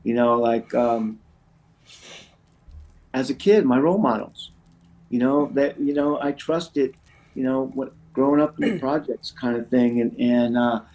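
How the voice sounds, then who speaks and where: A man's voice: mid-range voice, unhurried, darkish tone, poor audio. A middle-aged man speaking as an interview guest about recovery, earnest and passionate, often restarting his sentences and saying "you know". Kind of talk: casual interview talk.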